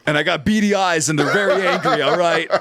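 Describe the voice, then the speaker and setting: A man's voice: on the high side, fast, fairly bright tone. A man hosting a podcast in casual banter, joking playfully and laughing often. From California. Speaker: podcast host.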